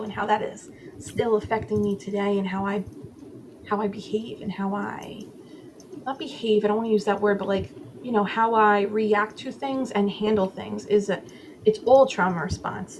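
A woman's voice: mid-range voice, noisy background. A woman guest in a casual interview, candidly telling a personal story and acting out her own inner voices, with many "like" fillers. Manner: frequent "like" fillers.

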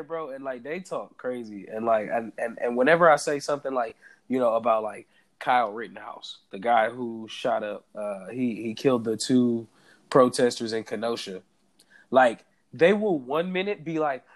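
A man co-hosting a casual podcast chat, laid-back and slangy, laughing often as he talks. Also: medium pitch. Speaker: podcast co-host.

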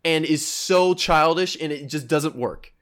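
Man, slightly high voice, blunt, profane, contrarian, casual podcast chat. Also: unhurried, a bit bright.

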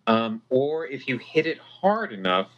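A man running a tabletop game as game master, slow and hesitant, with many fillers. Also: mid-range voice, very animated, a bit bright, lo-fi sound. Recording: music playing behind.

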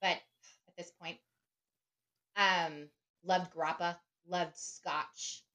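In a conversational podcast interview, a middle-aged guest reflects aloud, frequently adding "right?" and "you know." She speaks very slowly in a steady, somewhat low voice that's a bit bright.

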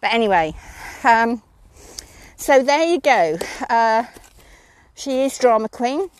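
A woman chatting casually about her horses, giggling often and filling pauses with ums. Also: on the high side, lively intonation, clean tone, no room sound. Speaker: horse owner vlogger. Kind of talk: casual chat.

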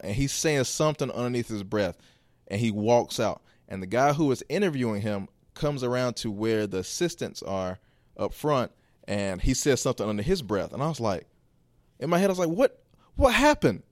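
Rambling low-voiced man telling a story. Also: no room sound, clean studio sound. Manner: rambling, animated storytelling with quoted asides. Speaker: podcast host. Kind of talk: casual storytelling monologue.

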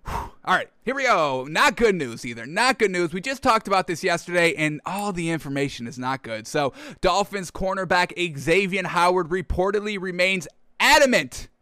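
A high, bright male voice, recorded dry and close. He is a sports talk show host who gets worked up fast, ranting and riling up his listeners, and he keeps calling out to "folks.". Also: animated, clear, resonant tone, dry recording. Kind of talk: excitable sports commentary. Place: studio with a backdrop.

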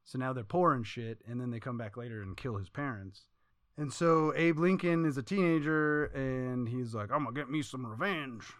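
A man's voice: medium pitch, normal speed, clean tone, dry recording, clean studio sound. A man co-hosting a podcast, telling stories in a rambling, profane, casual way. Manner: profane, rambling, animated storytelling. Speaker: podcast co-host. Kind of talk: casual chat.

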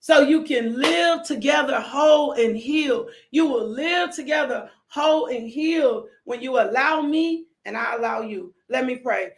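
High-voiced woman preaching fervently. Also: measured pace, hardly any pauses. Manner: fervent, with sudden shouts and repeated pleas. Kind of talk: impassioned sermon. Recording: echoey room.

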